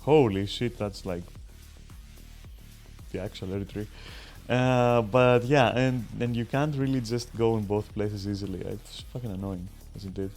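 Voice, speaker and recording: This man, a streamer, talks viewers through his gameplay with crude humor and frequent swearing. His voice sits on the low side and sounds a little mellow, and he speaks unhurriedly. Game music plays faintly behind him.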